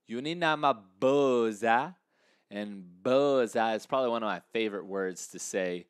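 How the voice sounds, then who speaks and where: A man from Zambia giving a casual language lesson, repeating phrases slowly and lifting his voice on the quoted lines. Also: mid-range voice, clean tone, no echo, studio quality. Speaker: language teacher.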